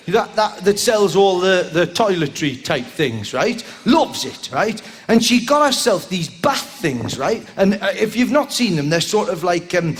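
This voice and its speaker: A man doing a live stand-up routine, rambling and tagging lines with "right?", breaking into sudden shouts. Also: high voice. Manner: bursts into shouts. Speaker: stand-up comedian. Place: live comedy venue with audience. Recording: live show with crowd noise.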